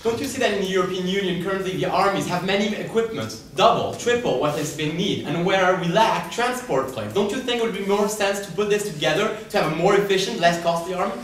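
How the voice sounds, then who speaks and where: High-voiced male debater in a very echoey hall. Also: quick pace, few pauses, far from the mic, a little hiss or hum. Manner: formal, rhetorical address. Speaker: debate speaker. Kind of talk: formal competitive debate speech.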